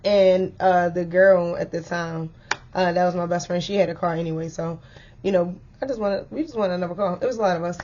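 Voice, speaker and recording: A young woman chatting through a storytime vlog, animated and full of fillers, on a dull lo-fi recording. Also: lowish voice, fairly quick, a little hiss or hum. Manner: chatty and animated, filler-heavy, lively retelling.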